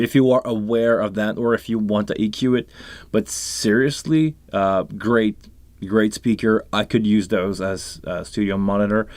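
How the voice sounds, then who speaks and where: A man's voice: lowish voice, darkish tone, no echo. A man with a French Canadian accent hosting a casual live stream about sound gear, chatting in a rambling way with many restarts and asides. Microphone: live microphone on a console setup.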